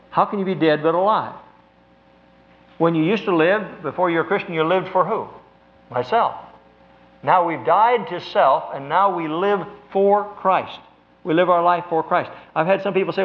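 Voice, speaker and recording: Emphatic male preacher, lo-fi sound. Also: on the high side. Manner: earnest, emphatic, slows down to stress key words. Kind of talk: sermon. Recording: dull lo-fi recording.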